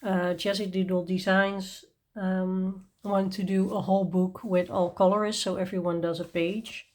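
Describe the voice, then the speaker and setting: A woman's voice: mid-range voice, flat delivery, unhurried, a little mellow. A woman hosting her coloring channel, presenting books in a chatty, enthusiastic way, with many ums and small laughs. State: tired and yawning. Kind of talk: casual show-and-tell review.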